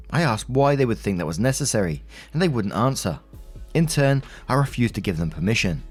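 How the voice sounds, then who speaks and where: A man's voice: mid-range voice, darkish tone. Man reading a post over faint music. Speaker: storytime narrator. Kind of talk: reading a forum post aloud.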